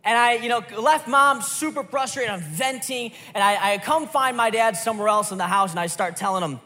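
High-voiced male preacher telling stories. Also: fairly quick, in a large hall, faint music behind. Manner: storytelling, animated, restarts. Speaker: pastor. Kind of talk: sermon with personal story.

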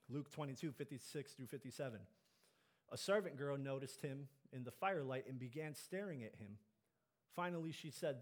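A man preaching a sermon, climbing to loud emphatic peaks and dropping low and soft on key lines.

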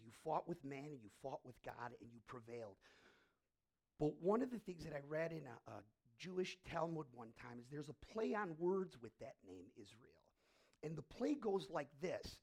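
A middle-aged man preaching a sermon as pastor in a church, swinging from hushed, intimate lines to loud, emphatic ones. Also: on the high side, breathy edge.

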